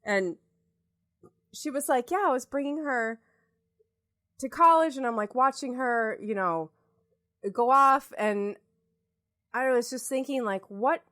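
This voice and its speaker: Co-host: middle-aged woman, fairly high voice, emphatic and reassuring, casual chat. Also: a bit bright. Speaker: podcast co-host.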